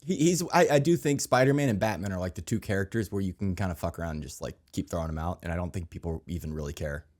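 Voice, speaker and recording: Male co-host, very deep voice, loose and joking delivery. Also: fast talker, few pauses, a little mellow. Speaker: podcast co-host. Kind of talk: casual film chat.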